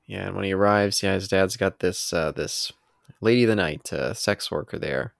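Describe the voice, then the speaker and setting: Man, very low voice, gravelly, casual film commentary, hesitant, dry recording. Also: moderate pace, no room sound. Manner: hesitant, thinks aloud with fillers. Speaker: podcast co-host.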